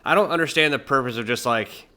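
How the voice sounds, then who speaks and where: Man, podcast co-host, hesitant casual chat, bright tone, smooth voice. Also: mid-range voice, fast talker. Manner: hesitant, many fillers.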